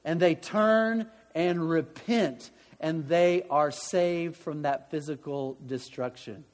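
A man with a high voice gives a conversational sermon, stumbling through restarts and making fun of himself. His words ring out with a long reverb, as in a church hall. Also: slow, hardly any pauses. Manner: conversational, self-deprecating, many restarts. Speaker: pastor.

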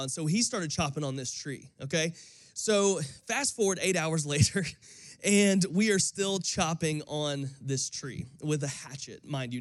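A man's voice: fairly high pitch, no room sound. A young man from Florida, a pastor, giving a sermon that opens with a casual story told with many fillers.

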